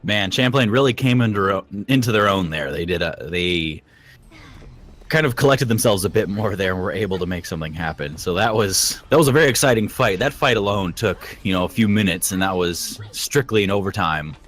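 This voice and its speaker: A man giving relaxed, chatty color commentary during a live esports match. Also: low voice, normal speed, soft background music.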